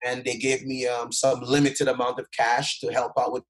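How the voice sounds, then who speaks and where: A man's voice: mid-range voice, completely flat delivery, moderate pace, low-quality recording. A man from Jamaica, a motivational speaker, telling his life story as an interview guest. He talks energetically, acts out the people he quotes, and uses many fillers and restarts. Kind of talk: animated personal storytelling in an interview.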